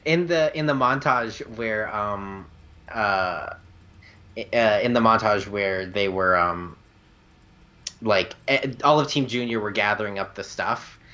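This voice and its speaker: A woman's voice: very deep voice, measured pace, a bit bright, muffled recording. A woman chatting casually on a podcast, rambling dryly with lots of fillers. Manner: rambling, dry, with many fillers. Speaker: podcast co-host. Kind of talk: casual chat about a show.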